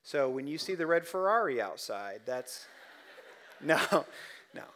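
Storytelling male pastor, fairly high voice. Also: very animated, takes it slowly. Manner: storytelling, swings from soft to loud. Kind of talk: sermon.

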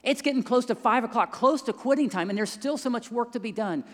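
A man telling a story in a sermon, dropping to hushed tones in quiet moments and rising when he stresses a point. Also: very high-pitched, brisk. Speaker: pastor. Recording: long hall reverb.

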